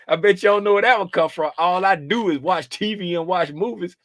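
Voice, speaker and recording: A man's voice: sits high, fairly quick, fairly bright tone, dry recording, clean studio sound. A man hosting a trading livestream, chatting casually and playfully and greeting viewers by name.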